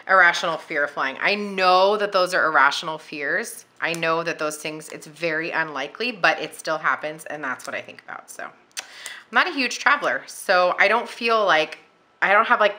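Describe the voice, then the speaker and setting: A woman with a very bright, tense voice pitched on the low side talks casually to her viewers at home. She rambles and circles back on herself, full of little fillers, as she decorates her planner. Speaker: planner vlogger.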